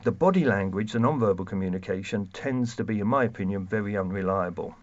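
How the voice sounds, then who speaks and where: A man with a lowish voice lays out research findings in a measured, explanatory way, now and then restarting a phrase. The recording sounds a little dull and lo-fi. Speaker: deception researcher guest. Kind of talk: expert explanation.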